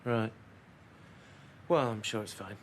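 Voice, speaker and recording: A man's voice: lowish voice, a little hiss or hum. An actor playing an awkward, grateful man in a TV soap drama, speaking hesitantly. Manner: hesitant, many pauses.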